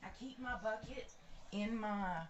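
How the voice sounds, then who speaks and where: A woman's voice: a little high, measured pace, dull audio, slight background noise. A woman hosting a casual live stream from her bedroom, chatty and bubbly, greeting viewers by name. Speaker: livestream host. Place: bedroom at home.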